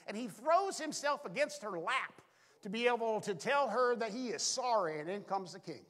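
Male preacher, high voice, storytelling sermon, voice ringing in a reverberant sanctuary. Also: lively intonation, moderate pace, bright, forceful tone. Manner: storytelling preacher who acts out the characters' lines; repeats "all of a sudden" and "be able to". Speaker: pastor. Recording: long reverb from a large hall.

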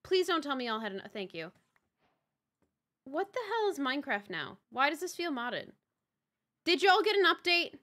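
A young woman livestreams a game in a high, sing-song, bright voice with a forceful tone, speaking at normal speed and pausing often. She chats casually, exclaims and repeats herself, swears when things break, and greets chatters by name.

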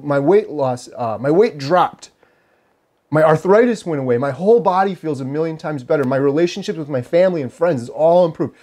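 Man in his forties, slightly high voice, earnest, motivational, repeats himself for emphasis, casual vlog monologue. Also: dark tone. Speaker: lifestyle vlogger.

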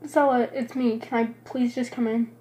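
Woman playing a soft, insistent loyal friend, husky and high. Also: steady tone, normal speed. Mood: worried. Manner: gentle, insistent and reassuring. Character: caring young woman, loyal best friend.

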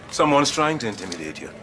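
Actor playing a calm, firm, defiant man, very lively pitch, noisy scene. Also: moderate pace, lightly acted. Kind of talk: TV soap drama. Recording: TV soundtrack with background noise.

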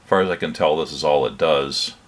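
An older man hosting a hobby electronics channel, narrating a demo in a relaxed, plain-spoken way with hesitant pauses. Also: rumbling low.

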